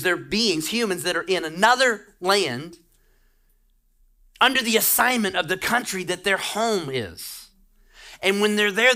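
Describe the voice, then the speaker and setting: A middle-aged man preaches a sermon with urgent, emphatic exhortation. His voice is bright and forceful, pressing each point home as a pastor. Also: sits high.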